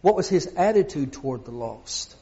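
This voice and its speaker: A man's voice: a little high, animated, normal speed, mellow, lo-fi sound. A middle-aged man preaching a sermon, often asking his congregation questions.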